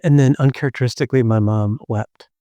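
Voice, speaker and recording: Middle-aged male storyteller, gentle and reflective, mid-pitched voice, dry close sound. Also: smooth, no room sound. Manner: gentle, unhurried, with thoughtful pauses. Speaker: storyteller and podcast co-host.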